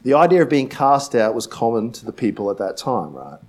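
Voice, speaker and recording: A man preaching a sermon in a conversational way, tossing in "right?" and "like" asides and repeating key phrases for emphasis, sometimes dropping to a hush. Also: mid-range voice, very animated, a little fast. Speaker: pastor.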